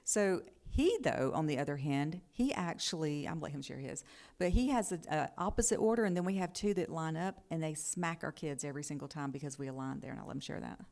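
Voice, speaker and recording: A woman speaking on a business panel, explaining quickly and acting out examples of how she talks with her husband. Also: low-pitched, gravelly, a little mellow. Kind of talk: casual panel talk.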